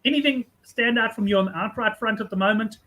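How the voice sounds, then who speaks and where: A man hosting a betting panel show, briskly asking panelists for their views. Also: high-pitched, pushed and bright. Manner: brisk, steers the talk. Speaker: host.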